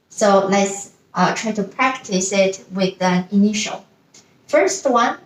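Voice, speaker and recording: A woman's voice: medium pitch, expressive, slow, far from the mic. A woman teaching a beginner pronunciation lesson, patiently modeling each sound several times. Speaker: language teacher. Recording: roomy echo, voice a bit off-mic.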